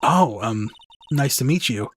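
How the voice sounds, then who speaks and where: A man voicing a young male lawyer in a game playthrough, dropping his voice lower in a dry, wry manner. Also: animated, unhurried, slight background noise, close to an everyday voice. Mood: polite.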